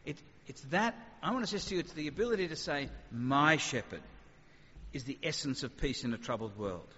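A man's voice: on the high side, fast talker, breathy edge. Man preaching in a reverberant hall. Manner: conversational, animated, rhetorical questions. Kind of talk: sermon. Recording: dull sound with long hall reverb.

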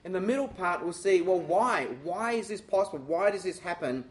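A high-voiced Australian man giving a sermon. He talks in a lively, self-mocking and direct way as he leads his listeners through the questions. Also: brisk. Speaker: preacher.

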